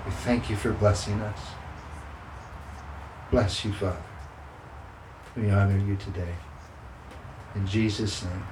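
A man's voice: on the low side, flat delivery, slow, pauses often, background noise. A man preaching a sermon as pastor, emphatic and repeating scripture declarations. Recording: roomy sound with faint ambience.

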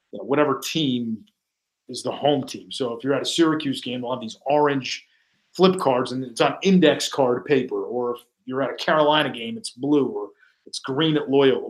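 A man, a sportscaster guest on a podcast, telling casual stories and acting out what his colleagues said. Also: medium pitch. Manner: animated anecdotes, acting out quoted colleagues.

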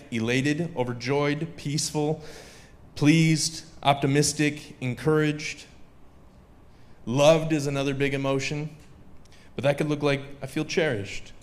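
A man's voice: fairly high pitch, steady tone, measured pace. Man preaching casually to a crowd. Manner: conversational, joking asides with the audience. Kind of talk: sermon. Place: live venue with audience.

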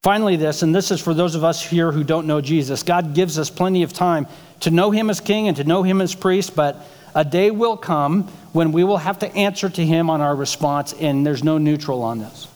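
A male pastor delivers a sermon in a church sanctuary, talking with the room and tossing out rhetorical questions. His voice sits high for a man. A long reverb trails behind his words. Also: moderate pace, darkish tone. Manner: conversational preaching with rhetorical questions.

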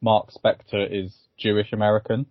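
A man's voice: fairly low pitch, moderate pace, no room sound, muffled recording. A man co-hosting a podcast, chatting casually and a bit hesitantly with frequent ums. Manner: relaxed, hesitant with many ums. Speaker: podcast co-host. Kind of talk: casual chat.

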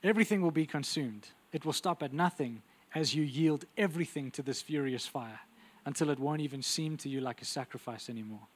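A man preaching a sermon with intense, urgent delivery that drops to quiet, intimate asides. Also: fairly high pitch, a little fast, hardly any pauses.

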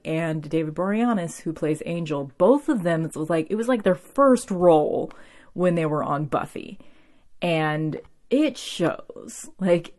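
A woman in her late thirties from the Midwest, chatting casually about a TV show in a rambling way, full of "like" and quick giggles. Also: low voice, darkish tone. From American Midwest. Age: 30s. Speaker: TV show recapper. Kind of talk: casual chat.

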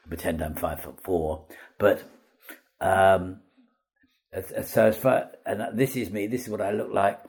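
Older man, low gravelly voice, breathy husky tone, chatty anecdotal interview style. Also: a little mellow. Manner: chatty raconteur, acts out quoted voices, laughs at own stories. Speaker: comedy actor guest.

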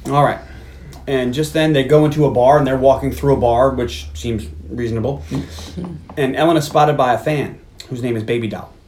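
Male podcast host, mid-pitched, casual jokey film recapper. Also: fairly even intonation, moderate pace, darkish tone, slight background noise. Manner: recaps the plot with jokey put-on quotes and frequent laughs. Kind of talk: casual movie recap chat.

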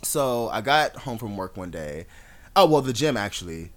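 A man's voice: fairly low pitch, big pitch swings, normal speed, fairly bright tone. A man co-hosting a podcast, telling a story dramatically and acting out the quotes in casual chat. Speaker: podcast co-host.

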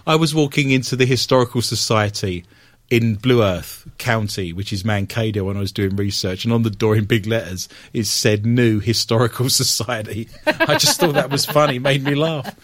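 A man's voice: medium pitch, moderate pace, fairly bright tone, no echo. A man hosting a casual podcast, joking often and reading out news stories between laughs. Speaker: podcast host.

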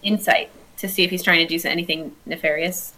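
A woman's voice: lowish voice, steady tone, fast talker, sharp tone, poor audio. A woman player in a tabletop game, talking hesitantly with many fillers. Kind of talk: tabletop role-play chat.

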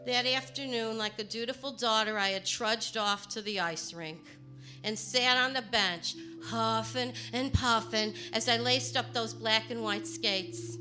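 A woman from Chicago telling a personal story, partly in rhyming verse, moving between hushed and emphatic delivery. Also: on the high side, unhurried, faint music behind. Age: adult.

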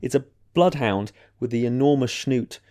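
A man co-hosting a podcast, chatting about a film in an animated, jokey way. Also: medium pitch, normal speed. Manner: animated, jokey, does mock quotes. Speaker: podcast co-host. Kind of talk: casual film discussion.

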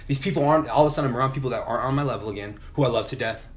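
Fast-talking middle-aged man, candid storyteller. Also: medium pitch, background noise. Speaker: podcast guest. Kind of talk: casual podcast chat.

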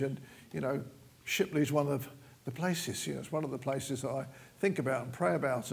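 A man's voice: a little high, creaky. An older man giving an informal, jokey sermon in a church, full of "you know" asides. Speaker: visiting preacher.

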